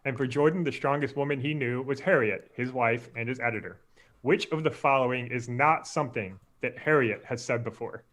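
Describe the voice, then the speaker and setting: A man's voice: mid-range voice, a little fast, a bit bright. A man hosting a trivia game on a live show, playful and teasing as he reads out questions. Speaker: quiz host.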